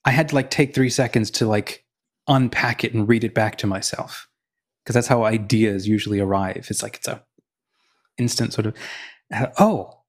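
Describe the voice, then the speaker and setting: A man's voice: steady tone, moderate pace. A man co-hosting a faith podcast, telling stories in casual conversation and acting out the quotes inside them. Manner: storytelling, acts out quotes with rising pitch. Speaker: podcast co-host.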